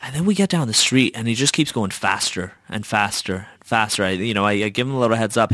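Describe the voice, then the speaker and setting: A man's voice: on the low side, fast talker, hardly any pauses, a bit bright, no room sound. A young man hosting a podcast, telling a casual, chatty story full of fillers and swearing. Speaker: podcast host.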